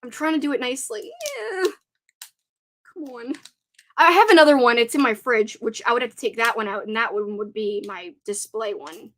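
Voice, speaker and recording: A young woman hosting a casual live stream, chatting excitedly and reading out viewer comments. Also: on the high side, normal speed, a little hiss or hum.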